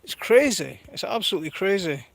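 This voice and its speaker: A man's voice: high voice, big pitch swings, a little fast, creaky, no room sound. A man in his thirties chatting casually on a live stream from his garden while minding his toddler, laughing often and reading viewer comments aloud. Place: outdoors in a garden.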